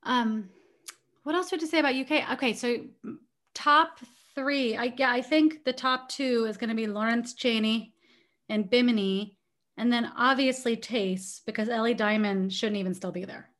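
A woman co-hosting a casual chat, telling gossipy stories in an animated way. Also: a little high, normal speed. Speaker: podcast co-host.

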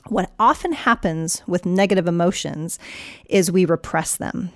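Energetic woman podcast host, dry sound. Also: lowish voice, moderate pace, dry recording. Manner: energetic, animated storytelling. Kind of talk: casual health podcast talk.

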